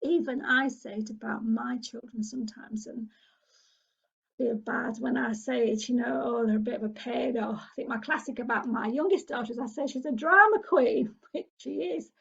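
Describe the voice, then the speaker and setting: A woman's voice: a little high, moderate pace, vocal fry, fairly bright tone, breathy edge, dull audio. A middle-aged woman from England who leads a parenting group, talking in an earnest, encouraging way. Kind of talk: casual spoken talk.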